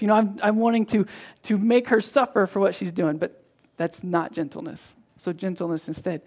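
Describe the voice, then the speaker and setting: Pastor preaching a sermon, conversational, restarts and repeats often, mid-pitched voice, acts out the dialogue in stories. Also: normal speed, darkish tone. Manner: frequent restarts and repetitions.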